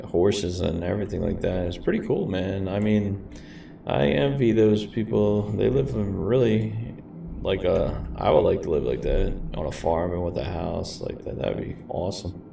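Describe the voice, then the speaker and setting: A man's voice: low-pitched, moderate pace, creaky. A man giving casual, rambling commentary while flying a simulator, talking to his viewers. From grew up in a city. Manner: laid-back, rambling, says "man" and "guys". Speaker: flight sim streamer. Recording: echoey room, mic far off, faint hiss.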